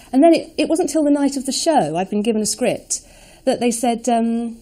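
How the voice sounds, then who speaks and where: A woman's voice: a little high, fairly quick, few pauses, dark tone. A middle-aged woman chattily telling anecdotes in an interview. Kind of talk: reminiscing interview.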